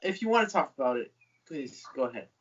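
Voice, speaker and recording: A male host asks questions in an easygoing, chatty way, with a hesitant "um" here and there. His voice is a little higher than most men's. The recording sounds somewhat dull and lo-fi. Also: sing-song, fast, breathy edge. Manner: chatty, with some hesitant fillers. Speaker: interviewer and host. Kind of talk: casual interview.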